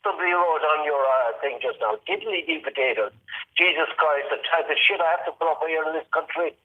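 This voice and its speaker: Irish caller, Kerry accent, jokey and matey, tinny phone sound, slightly high voice. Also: male voice, steady tone, fast. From Ireland. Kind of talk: casual chat. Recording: phone line.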